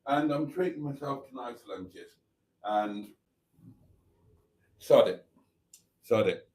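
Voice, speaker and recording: Chatty middle-aged man, lively voice. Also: medium pitch, slow. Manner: chatty, reads viewer comments aloud with playful asides. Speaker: live stream host. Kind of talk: casual live stream chat.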